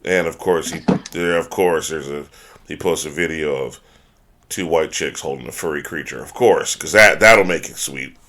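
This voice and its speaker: A man hosting a casual podcast chat, loud and jokey, cursing often. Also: very deep voice, normal speed, slight background noise. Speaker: podcast host.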